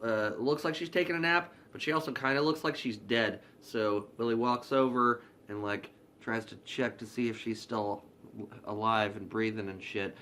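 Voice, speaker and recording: A man's voice: mid-range voice, steady tone, moderate pace, a bit bright, slight background noise. A young man casually recapping a film plot in a rambling, profane way, full of "like". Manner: rambling, profane, heavy use of "like". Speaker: movie reviewer.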